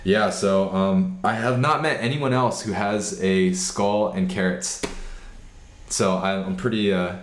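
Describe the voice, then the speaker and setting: A very deep-voiced man hosts a casual podcast interview, relaxed and rambling with fillers. The room gives his voice a roomy echo. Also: a little slow, a little hiss or hum. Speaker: podcast host.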